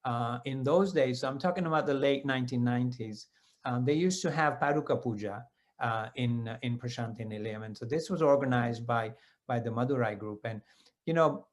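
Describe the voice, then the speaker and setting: In a relaxed, storytelling talk, a man in his fifties with a medium-pitched voice shares personal devotional experiences. He wanders into many asides and corrects himself as he goes.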